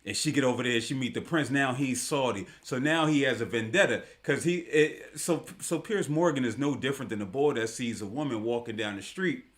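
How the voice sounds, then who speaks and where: A man's voice: medium pitch, brisk, hardly any pauses, a bit bright. A man hosting a live online talk show, giving casual commentary in an emphatic, slangy way and repeating his points for effect.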